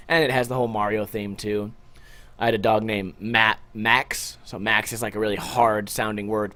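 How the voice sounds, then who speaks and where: A man's voice: lowish voice, steady tone, normal speed, pushed and bright. A man hosting a podcast alone, rambling casually and joking with a lot of swearing, short on sleep. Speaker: podcast host. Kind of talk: casual solo podcast chat.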